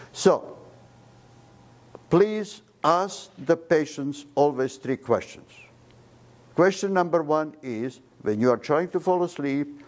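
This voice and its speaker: In a seminar room, an audience hears a physician lecture emphatically on medicine in a slightly high voice. He's animated, skips articles, and stresses key words.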